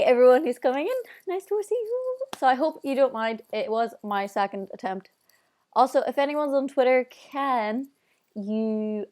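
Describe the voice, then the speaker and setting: A young Northern Irish woman hosting a casual live stream, bubbly and chatty as she answers viewer comments. Her voice sits fairly high for a woman. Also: a little mellow. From Northern Ireland.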